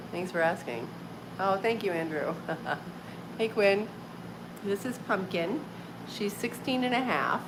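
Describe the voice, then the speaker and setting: A woman's voice: mid-range voice, takes it slowly, pauses often. A woman in her forties hosting a casual livestream from home, chatting with viewers, laughing often and filling with "like" and "um". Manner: chatty, laughs often, uses many fillers. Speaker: livestream host. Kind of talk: casual live-stream chat with viewers. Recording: clear background noise.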